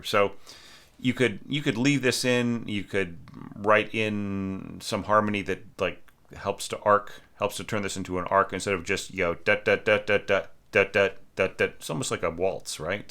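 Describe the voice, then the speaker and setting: Low bright-toned man critiquing a score. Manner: thinking aloud, many fillers, sings rhythms as syllables. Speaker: orchestration teacher reviewing a student score. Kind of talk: casual spoken score critique.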